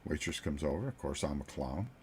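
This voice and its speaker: A man in his sixties with a very low, deep voice, hosting his own board game channel. He tells a story to his viewers in a loose, joking way and chuckles between sentences. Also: expressive, fairly quick, darkish tone, a little hiss or hum. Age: 60s. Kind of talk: casual storytelling chat to viewers.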